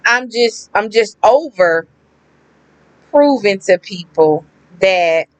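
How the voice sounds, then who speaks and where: Woman, casual vlog storytelling, animated, slangy, emphatic repeats, dry close sound. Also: medium pitch, slow, no room sound, low-quality recording. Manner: animated, acts out quoted people, emphatic repetition; slangy, conversational. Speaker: vlogger.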